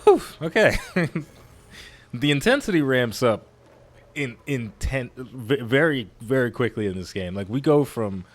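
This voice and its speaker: A man hosting a let's play, giving casual, excitable gameplay commentary that rambles with frequent restarts. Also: medium pitch, a little slow.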